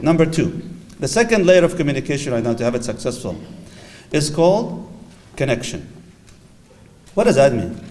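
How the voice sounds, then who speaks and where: A middle-aged man giving a lively religious lecture on marriage, acting out short dialogues and mixing in Arabic phrases. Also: medium pitch, a little hiss or hum. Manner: animated, acts out little dialogues, Arabic phrases mixed in. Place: lecture hall with audience.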